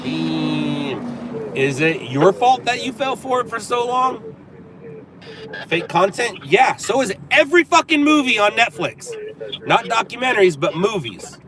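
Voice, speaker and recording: This livestream host from Southern California riffs sarcastically on viewer comments while in his car. He speaks in a high register with big swings in pitch, taking his time. Crowd noise can be heard behind him.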